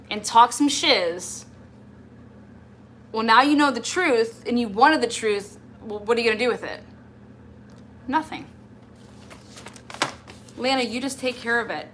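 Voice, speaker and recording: A woman's voice: a little high, measured pace, long pauses, a bit bright. A woman hosting a livestream, ranting in an exasperated, confrontational way and talking straight at someone who is absent. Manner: exasperated, confrontational, addresses absent person directly. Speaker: livestream host.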